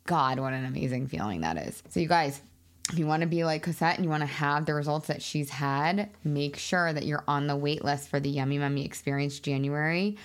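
A woman hosting her own podcast as a weight loss coach, chatting in a bubbly, excitable way full of fillers. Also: sits low, brisk. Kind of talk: casual solo podcast talk.

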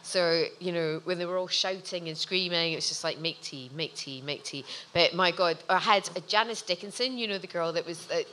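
Woman guest, chatty storyteller, bright tone, does voices. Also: fairly low pitch, a little fast, hardly any pauses. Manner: animated, acts out voices in anecdotes. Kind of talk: casual storytelling chat.

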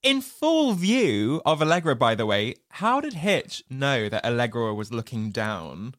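A woman's voice: very deep voice, sing-song, a little slow, no echo, clean studio sound. A woman co-hosting a casual podcast chat about a film, playful and wry, laughing often. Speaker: podcast co-host.

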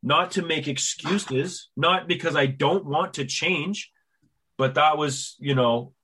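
A man in his forties hosting a podcast, telling long, animated stories full of acted-out quotes in a casual interview chat. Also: on the high side, takes it slowly, slightly rough. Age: 40s. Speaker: podcast host.

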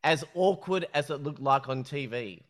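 A man's voice: mid-range voice, normal speed. A man hosting a casual interview, playful and gossipy, often stumbling over his words as he asks questions. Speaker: podcast host.

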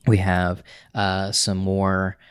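A man's voice: low-pitched, completely flat delivery, slow, clean tone, no echo, clean studio sound. A young man co-hosting a podcast, chatting loosely with lots of fillers. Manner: loose and rambling, many fillers. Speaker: podcast co-host. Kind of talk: casual chat.

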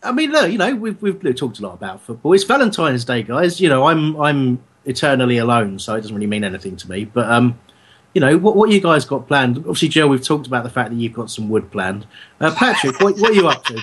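A man's voice: medium pitch, sing-song, a little fast, fairly bright tone, slightly rough. A man hosting a podcast in casual chat, joking, laughing often and asking the others questions. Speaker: podcast host.

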